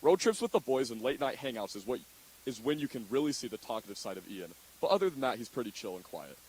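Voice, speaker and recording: A man announcing candidates at a school assembly, reading jokey introductions in a deadpan way. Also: medium pitch, fast talker, low-quality recording. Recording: faint hiss.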